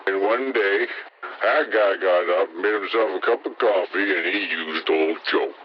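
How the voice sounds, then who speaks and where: An actor playing a deadpan rural townsman who tells a tall tale in plain, unhurried words. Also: low-pitched. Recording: dull lo-fi audio with faint hiss.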